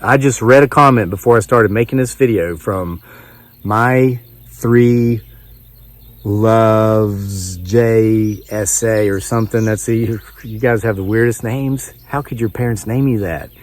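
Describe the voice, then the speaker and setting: A man's voice: lowish voice, measured pace. A man in his forties from West Virginia, talking outdoors to his channel in a rambling, chuckling, self-mocking way. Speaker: homesteading vlogger. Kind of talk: rambling storytelling to camera.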